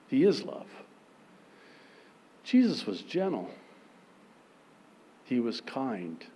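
A man preaching a sermon, theatrical and playful, acting out little scenes with sudden loud bursts and laughter. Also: medium pitch.

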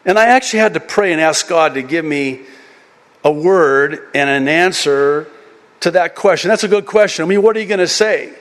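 Pastor guy in his 40s giving a sermon, kinda high voice, gets loud and animated, long church reverb. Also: moderate pace. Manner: animated, climbs high and loud when excited. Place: church sanctuary during a service.

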